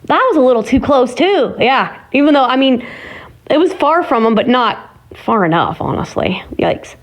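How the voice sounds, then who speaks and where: Chatty woman vlogger, slightly high voice. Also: animated, normal speed, low-quality recording. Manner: chatty, rambling, exclaims and mutters to herself. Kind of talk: casual chat.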